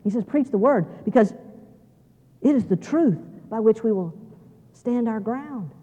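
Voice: mid-range voice, expressive, a little slow, warm tone. A guest preacher delivering a sermon to seminary students, folksy and emphatic, restarting phrases and driving home key lines by repeating them. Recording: long reverb of a large hall.

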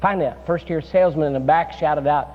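Preaching as a guest in a seminary chapel, this man tells stories in a folksy way and leans heavily on "uh." He talks fast with a fairly high pitch, captured as dull sound echoing through a reverberant hall.

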